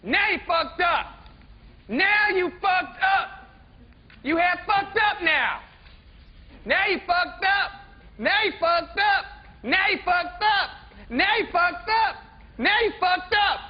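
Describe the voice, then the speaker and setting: A man playing a foul-mouthed president who shouts and heckles during a play, in a muffled archival comedy recording. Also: very high-pitched, lively intonation, slow, pauses often, exaggerated voice. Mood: belligerent. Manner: shouting, profane, belligerent.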